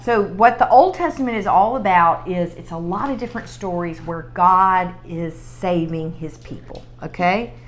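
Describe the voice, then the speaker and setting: A woman leading a children's sermon, telling a story in a playful, animated way. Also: lowish voice, moderate pace, few pauses.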